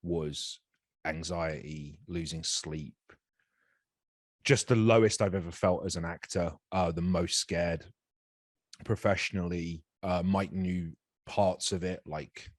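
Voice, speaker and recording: A man's voice: low voice, fairly even intonation, slow, no room sound, studio quality. A man in his thirties, an actor guest telling a candid, self-deprecating story in an interview, rambling with frequent restarts.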